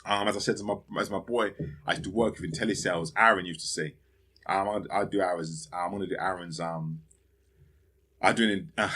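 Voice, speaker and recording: A man's voice: sits low, sharp tone, slightly rough. A man hosting a podcast, rambling and profane in a casual solo monologue, laughing often. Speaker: podcast host.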